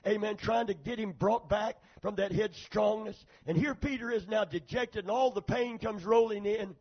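High-voiced man preaching, calling for amens. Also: brisk, hardly any pauses, muffled recording. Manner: calls for amens, retells scripture with acted quotes. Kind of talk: sermon.

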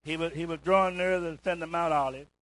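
Male preacher, call-and-response, high, dry and close, builds to shouts. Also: steady tone, fast talker, no echo, low-quality recording. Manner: rises to shouts on emphasis, repeats "isn't that right?". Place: church.

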